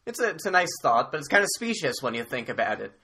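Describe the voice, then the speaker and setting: Bright, stammering comic podcast man. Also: medium pitch, sing-song, a little hiss or hum. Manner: stammering, halting with many restarts. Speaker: podcast co-host in mock debate. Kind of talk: improvised comedy banter.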